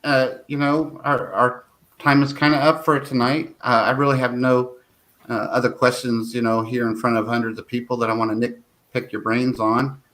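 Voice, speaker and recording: A man hosting a talk show, speaking in a halting, easygoing way with many fillers. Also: medium pitch, little pitch movement, a bit bright, low-quality recording. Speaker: host. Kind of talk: casual chat.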